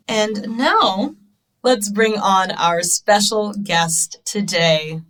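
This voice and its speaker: A woman's voice: medium pitch, drawn-out words, fairly bright tone, distant mic. An American woman hosting a podcast interview, bubbly and playful, laughing often and teasing her guest. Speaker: podcast host. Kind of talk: casual interview chat.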